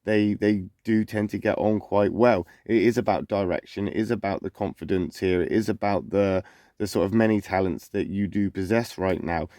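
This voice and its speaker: A man with a fairly low voice delivers a relaxed zodiac reading for his channel. He talks loosely and conversationally, circling back and repeating himself. The sound is dry, with no room echo. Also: normal speed. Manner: conversational, loose, repeats phrases and restarts often. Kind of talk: casual zodiac forecast reading.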